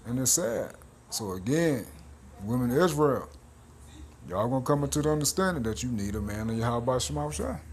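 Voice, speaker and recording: A man's voice: medium pitch, expressive, moderate pace, a little mellow, slight background noise. A man hosting a religious commentary video, talking bluntly and preachily in informal slang between clips.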